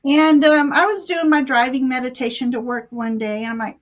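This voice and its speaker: A tarot reader hosts a live spiritual chat over a video call, telling a personal story in a rambling, emotional way and laughing often. Her high-pitched voice keeps a steady tone and moves briskly with hardly any pauses, and the audio sounds dull. It's a casual live-stream conversation.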